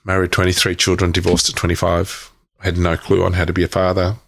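Low gravelly man telling his story. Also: completely flat delivery, fast, a bit bright. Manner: frank, repetitive restarts, occasional swearing. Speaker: guest. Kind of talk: candid personal storytelling.

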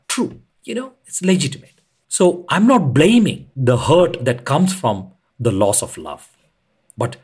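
A man with a husky, slightly breathy voice talks as a podcast guest. His pitch rises and falls in an animated way as he explains, earnest and emphatic, with pauses for weight. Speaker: podcast guest, retreat leader. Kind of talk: reflective conversational explanation.

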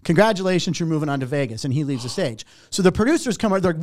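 A middle-aged man, a warm-up comedian, telling a story in casual chat, animated and profane, acting out what people said. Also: fairly high pitch, rapid-fire. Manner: animated, profane, acts out quotes.

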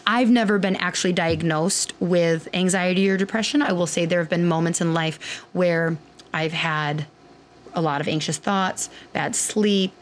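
A woman's voice: lowish voice, normal speed. A woman hosting a podcast, talking candidly in a rambling, casual monologue full of fillers and the odd swear word. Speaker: podcast host and clinician.

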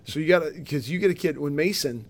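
A man with a voice a bit higher than usual, hosting a relaxed podcast interview. He asks easygoing questions and jokes around with his guest. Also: fast talker. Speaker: podcast host. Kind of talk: casual interview. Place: conference venue.

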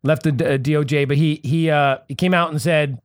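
Guy hosting a podcast, highish voice, laughs a lot while telling stories, dry mic. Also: fairly quick, no room sound. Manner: animated storyteller, swears freely, laughs often. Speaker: podcast host. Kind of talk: casual chat and storytelling.

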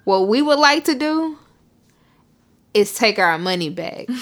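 A young woman co-hosting a podcast, telling stories in a profane, animated way and breaking into shouted outbursts. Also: mid-range voice. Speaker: podcast co-host. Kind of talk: casual chat.

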